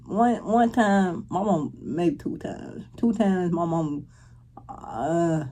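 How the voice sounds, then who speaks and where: A woman's voice: fairly low pitch, animated, slow pace, mellow. A woman reacting to clips in casual, slangy commentary, laughing and exclaiming. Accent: Chicago. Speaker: reaction streamer.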